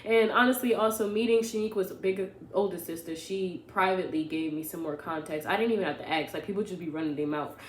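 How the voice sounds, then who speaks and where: A young woman vlogger, telling a story in a casual, animated, rambling way and often correcting herself. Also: on the low side, quick pace, few pauses, slight background noise. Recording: echoey room with faint ambience.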